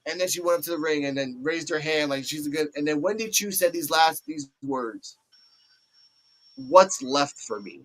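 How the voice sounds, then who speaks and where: Animated man recapping a wrestling match. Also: a little fast, hardly any pauses, rough recording. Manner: animated, acts out quotes in high voices. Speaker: wrestling review show host. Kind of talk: excited play-by-play recap.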